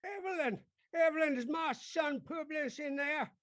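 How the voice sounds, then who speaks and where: An improv stage actor with a very high, slightly bright voice, speaking at normal speed, plays a pompous older senator father who blusters and scolds. It's improvised mock-Shakespearean acting, recorded with no echo.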